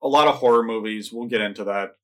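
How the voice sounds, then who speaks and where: A man co-hosting a casual film podcast, chiming in with quick agreements and opinions. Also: lowish voice, fairly bright tone. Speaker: podcast co-host. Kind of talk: casual film review chat.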